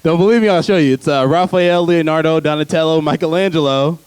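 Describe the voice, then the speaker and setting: Man, stand-up comic, fairly high-pitched, chatty asides to the audience, dry sound. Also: a little fast, darkish tone, smooth, no room sound. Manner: loose, conversational delivery with frequent laughs and asides to the crowd. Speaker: stand-up comedian. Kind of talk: stand-up comedy set. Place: theater stage before a live audience.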